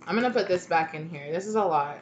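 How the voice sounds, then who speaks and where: A woman's voice: fairly low pitch, lively intonation, quick pace, lo-fi sound, heavy background noise. A woman giving a casual, rambling tarot reading, chatty and full of fillers and restarts. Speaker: tarot reader.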